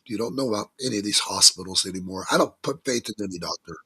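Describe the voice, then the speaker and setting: A man's voice: fairly low pitch, quick pace, bright, forceful tone, husky. A man talking as a guest on a talk show, telling stories in a folksy, emphatic way with religious turns of phrase. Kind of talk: casual talk-show interview.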